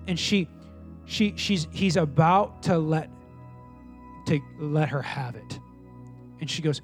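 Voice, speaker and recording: A pastor preaching a sermon, telling a story with lively acted-out dialogue. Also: male voice, on the high side, a little slow, long pauses, faint music behind. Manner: animated storytelling, voices quoted people.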